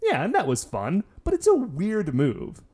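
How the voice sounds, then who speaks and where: A man's voice: high voice, huge pitch swings, a little slow, a little mellow, slightly rough. A man co-hosting a podcast in casual, joking chat, often saying "like". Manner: chatty, many "like" fillers, joking. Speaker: podcast co-host.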